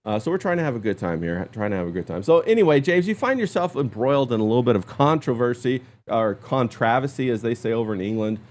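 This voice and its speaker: A man hosting a casual livestream talk show, upbeat, giving shout-outs to chat. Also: medium pitch, sing-song, quick pace, few pauses. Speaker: host.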